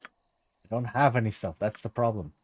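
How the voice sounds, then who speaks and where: A man's voice: on the low side, normal speed, no room sound, natural voice. A man reading aloud the lines of a weary, curt innkeeper who has lost everything, in a game. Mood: bitter. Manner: flat read-aloud delivery of game dialogue. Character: bitter ruined male innkeeper, weary and curt.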